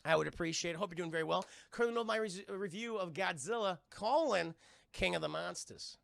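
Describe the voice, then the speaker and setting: A man giving an excitable, profane live-stream film review, talking straight to his chat and acting out scenes. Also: high-pitched, quick pace, gravelly, no echo, studio quality.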